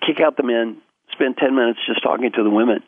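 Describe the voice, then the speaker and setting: An older man, an executive coach, giving animated storytelling answers in an interview over the phone. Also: medium pitch, fast, no room sound. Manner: animated storyteller, acts out quotes. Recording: tinny phone line.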